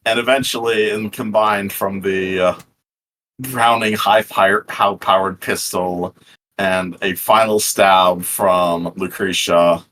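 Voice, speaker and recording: A man's voice: low-pitched, steady tone, slow pace, bright, forceful tone, a little hiss or hum. A man narrating as game master of a tabletop role-playing game, rambling and restarting his sentences as he describes the scene. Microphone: headset or desk mic on a live stream.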